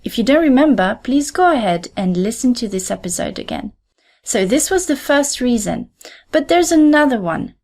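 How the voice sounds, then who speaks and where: Clear, deliberate woman teaching. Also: a little high, big pitch swings, a little mellow. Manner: clear, deliberate, repeats example phrases slowly. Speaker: podcast host and French teacher. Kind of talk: scripted language lesson.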